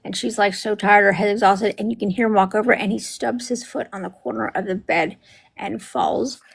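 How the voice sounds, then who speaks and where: Gravelly-voiced grandmother telling stories. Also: mid-range voice, normal speed. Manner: animated, acts out quotes in voices, laughs often. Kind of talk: casual storytelling chat.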